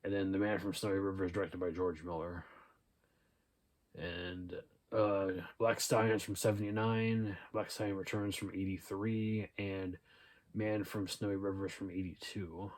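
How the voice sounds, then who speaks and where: Young guy doing a thrift haul, low flat voice, lots of uhs and ums. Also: moderate pace. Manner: relaxed and rambling, with many "uh" and "um" fillers. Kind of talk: casual haul video, reading out DVD titles and cast lists.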